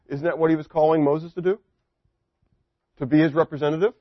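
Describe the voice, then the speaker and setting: A man preaching a sermon, animated, asking the congregation questions and acting out quotes. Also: high-pitched, dry recording. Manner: animated, asks the audience questions, acts out quotes. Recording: dry, dull lo-fi recording.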